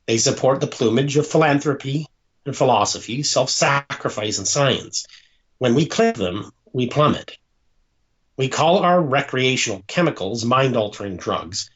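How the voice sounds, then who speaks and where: A man, an author, reading aloud from his own book in a measured, deliberate way with dramatic pauses. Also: medium pitch, animated, fairly bright tone. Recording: dull lo-fi sound.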